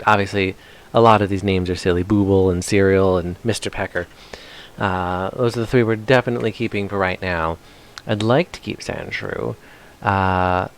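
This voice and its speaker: A man chatting playfully while streaming a video game, sometimes reading game text aloud in silly voices. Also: on the low side. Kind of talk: casual live-stream commentary.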